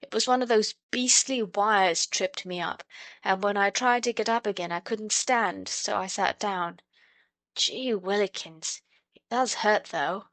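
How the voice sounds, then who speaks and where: A woman's voice: mid-range voice, a little slow, a bit bright, no echo. A woman voicing a proud, indignant injured boy in a storybook reading. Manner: indignant, pained, curt.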